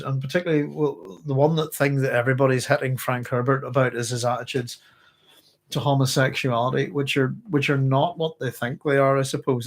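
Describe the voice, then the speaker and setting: A middle-aged man with a Northern Irish accent talks through a book in a loose, casual way. He wanders, restarts his sentences and chuckles to himself as he goes, speaking at an ordinary pitch. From Northern Ireland. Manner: rambling, self-interrupting, chuckles often. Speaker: book club host.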